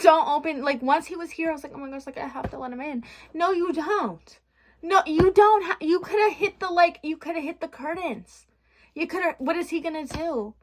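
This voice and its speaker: A young adult woman vlogging from her bedroom, rambling frankly and venting with swearing in a casual chat. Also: on the high side.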